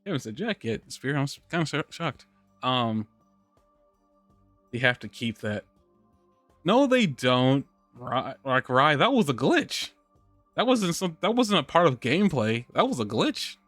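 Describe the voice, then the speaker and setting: A man's voice: medium pitch, sing-song, unhurried, a bit bright, no echo, faint music behind. Rambling man hosting a podcast, dry mic. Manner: rambling, lots of restarts and laughter. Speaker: podcast host. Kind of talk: casual podcast chat. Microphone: studio microphone on a live stream.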